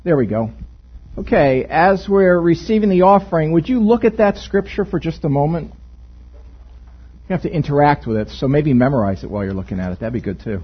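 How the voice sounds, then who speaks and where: A man's voice: a little high, animated, brisk, husky, muffled recording. A male pastor giving an interactive sermon in a church, joking and asking the congregation questions. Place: church sanctuary.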